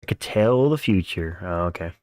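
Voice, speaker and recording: Deep-voiced man streaming casual fight chat. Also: expressive, moderate pace, darkish tone, no room sound, studio quality. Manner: slangy, chatty, thanks viewers for donations. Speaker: livestream host. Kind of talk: casual live fight-watch commentary.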